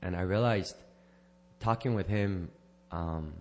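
A man with a fairly low voice tells his personal testimony to a church gathering. He rambles, restarts his sentences and corrects himself, and slips in small laughs. His delivery is unscripted and earnest. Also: slow. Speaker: church member giving a testimony.

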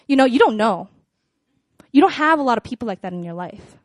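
A woman's voice: a little high, a little fast, no echo. Chatty young woman giving a dry, casual sermon. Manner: chatty and animated, filled with "like" and "you know". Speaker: speaker at a church gathering. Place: room with a live audience.

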